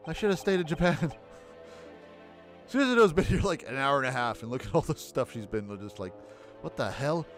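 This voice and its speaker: A man's voice: medium pitch, animated, moderate pace, fairly bright tone. Chatty male streamer joking over game music. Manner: chatty, joking, often laughing. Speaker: let's-play streamer. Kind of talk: casual game commentary, reading dialogue aloud.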